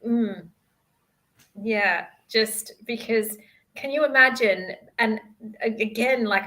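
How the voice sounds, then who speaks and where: A woman's voice: a little high, pushed and bright. A woman with an Australian accent, a spiritual teacher speaking as a podcast guest in an eager, enthusiastic way. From Adelaide, Australia. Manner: eager, enthusiastic, many affirming murmurs. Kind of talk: casual chat.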